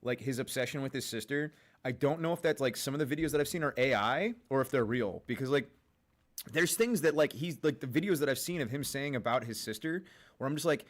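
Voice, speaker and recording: A man's voice: medium pitch, animated, fairly quick. A young man hosting a livestream, rambling casually, swearing a lot and laughing often at his own jokes. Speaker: livestream host.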